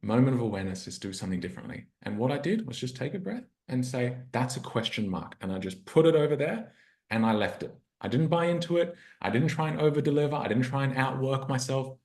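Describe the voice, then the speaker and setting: In a roomy-sounding podcast interview, a male relationship coach recounts something personal, reflective and sincere, dramatizing what went through his head. He talks fast, animated and at medium pitch, with a slightly mellow quality.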